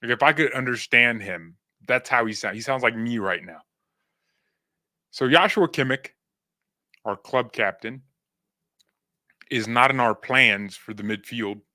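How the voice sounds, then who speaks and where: A man hosting a football fan channel in a casual vlog, speaking with a lisp from new dental aligners, joking, rambling and excitable. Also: medium pitch, no echo, clean studio sound.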